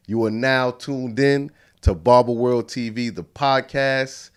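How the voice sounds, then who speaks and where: A man's voice: mid-range voice, takes it slowly, few pauses, clean tone. Laid-back male podcast host. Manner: hyped show opener, then relaxed prompting questions. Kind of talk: casual podcast interview. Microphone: studio dynamic mic.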